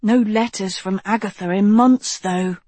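A woman voicing a cheerful, naive young witch who chatters lightly, husky and slow. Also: medium pitch, warm tone, no echo, close to an everyday voice. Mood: chatty. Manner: chattery, mouth full.

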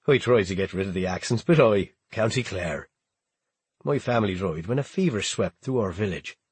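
A man doing a soft-spoken grieving Irish pirate. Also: lowish voice, animated, moderate pace, breathy edge, no echo. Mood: wistful.

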